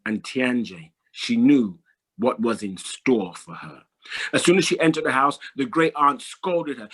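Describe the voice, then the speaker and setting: A man telling a folk tale aloud to an audience, rhythmic and repetitive with dramatic pauses. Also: medium pitch, animated, fairly bright tone, slightly rough. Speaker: storyteller.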